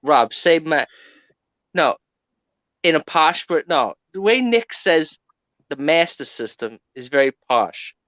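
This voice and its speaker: An American man chatting casually on a live show, telling stories in an animated way and mimicking voices. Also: fairly high pitch, takes it slowly, long pauses, no echo, muffled recording. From United States. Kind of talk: casual chat.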